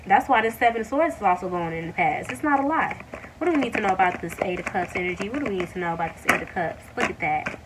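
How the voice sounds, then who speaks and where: Excitable tarot reader woman, slightly distant. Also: lowish voice, background noise. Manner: excited, animated bursts with drawn-out exclamations; addresses viewers as y'all, many fillers. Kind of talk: casual tarot reading.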